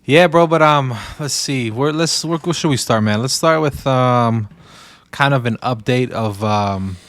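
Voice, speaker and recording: Casting note: male podcast co-host, mid pitch, joking and easygoing, dry close sound. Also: unhurried, no echo. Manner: relaxed, says "bro" a lot, joking. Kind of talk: casual chat.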